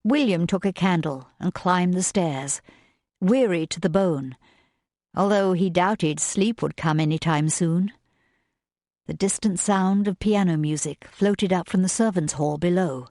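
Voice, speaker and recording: A woman narrating a romance audiobook in a measured, even reading style. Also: fairly low pitch, dry recording, studio quality. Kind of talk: scripted narration.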